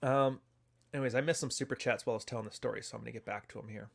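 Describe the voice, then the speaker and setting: A man's voice: medium pitch, fairly even intonation, rapid-fire, gravelly. A man hosting a casual livestream, telling a story in a blunt, profane way. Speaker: commentary host.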